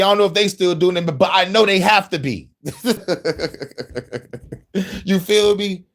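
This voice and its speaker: A man's voice: mid-range voice, a bit bright. Profane laughing man chatting casually. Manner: profane, boastful, laughs often. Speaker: host. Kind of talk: casual podcast talk.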